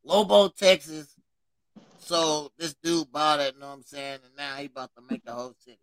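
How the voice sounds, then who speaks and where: A man co-hosting a casual comedy podcast, loud and laughing, often shouting as he reads out comments. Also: a little high, normal speed, no room sound, poor audio. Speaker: podcast co-host.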